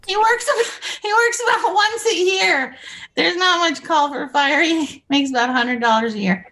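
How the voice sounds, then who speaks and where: A woman's voice: very high-pitched, normal speed, pushed and bright. A woman, a podcast guest, telling chatty stories, giggling often and acting out the voices of the people in them. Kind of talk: casual anecdotal storytelling.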